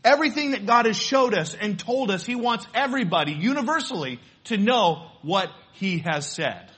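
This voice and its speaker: A male preacher delivers a sermon in a chatty, storytelling way. His voice sits high and bright with a husky grain. He keeps turning to the congregation with questions. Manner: conversational, asks the congregation questions. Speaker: pastor.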